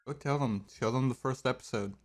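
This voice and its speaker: A man's voice: mid-range voice, fairly quick. A man co-hosting a casual podcast chat, laid-back and teasing.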